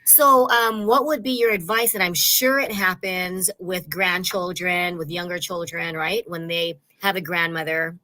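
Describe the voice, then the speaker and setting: Bright-voiced middle-aged woman host. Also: lowish voice, fairly even intonation, unhurried, hardly any pauses. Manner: personal storytelling, open, with many fillers. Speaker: podcast host. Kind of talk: conversational interview.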